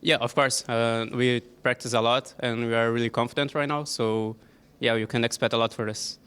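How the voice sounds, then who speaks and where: A man's voice: medium pitch, level tone, brisk, a bit bright, clean tone. A man answering interview questions hesitantly, searching for words. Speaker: player.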